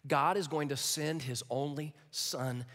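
A man preaching a sermon with animated delivery, sometimes dropping to a hushed near-whisper for emphasis. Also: fairly high pitch, a little slow. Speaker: pastor. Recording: long hall reverb.

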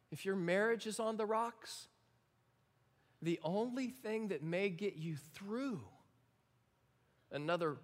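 A man preaching a sermon as pastor, animated and emphatic, swinging from shouted lines to hushed ones and often repeating himself. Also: high voice, long reverb tail. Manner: repeats words and restarts often.

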